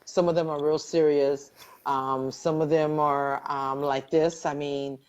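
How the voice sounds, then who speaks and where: A woman with a low voice hosts a live online chat, earnest and devout, repeating herself and starting over as she speaks from the heart. She sounds close to tears. The audio is dull and lo-fi, like a video call. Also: little pitch movement, measured pace, a little mellow, clean tone. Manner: heartfelt, religious, rambling with many restarts. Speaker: host.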